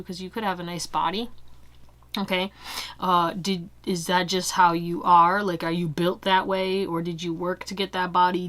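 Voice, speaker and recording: Young female tarot reader, chatty and giggly, slightly low voice, casual talk to viewers. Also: fairly bright tone. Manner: chatty, laughs often, many fillers like "like" and "you know". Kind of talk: casual pick-a-card tarot reading.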